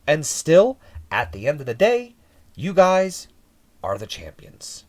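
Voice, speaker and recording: A man's voice: a little high, wildly swooping pitch, takes it slowly, darkish tone, heavily acted. A man voicing an exasperated, defensive male wrestling general manager who pleads and justifies himself. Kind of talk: mock wrestling promo.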